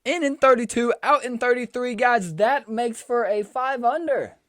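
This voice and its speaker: A young man co-hosting a casual golf podcast, rattling off scorecard recaps in a brisk, slangy way. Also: extremely high pitch, a bit bright, no room sound, clean studio sound. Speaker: sports podcast co-host. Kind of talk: casual sports chat.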